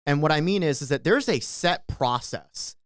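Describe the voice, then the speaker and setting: A man co-hosting a political podcast, laying out his argument step by step in a measured way. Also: a little high, lively intonation, no echo, clean studio sound. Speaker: podcast co-host. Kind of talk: casual political discussion.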